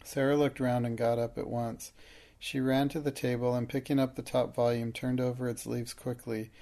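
A man with a gravelly voice narrating a storybook in a steady, even reading. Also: medium pitch, normal speed. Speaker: audiobook narrator. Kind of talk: scripted narration.

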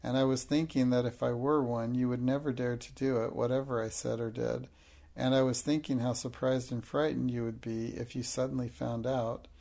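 A man's voice: mid-range voice, flat delivery, normal speed, gravelly, mellow, natural voice. A man reading aloud voices a composed, imaginative young girl in a storybook who speaks grandly and politely.

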